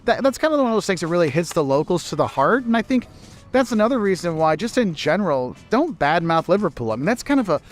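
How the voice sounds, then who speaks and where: A man from the United States giving casual travel advice to camera outdoors in a city, chatty, often repeating words and slipping into quick mimicked asides. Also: high voice, sing-song. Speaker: travel vlogger.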